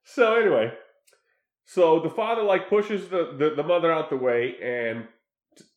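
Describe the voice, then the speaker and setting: A man's voice: fairly high pitch, animated, normal speed, dull audio. A man recapping a film plot in casual chat, laughing often and stumbling through restarts. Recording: echoey room.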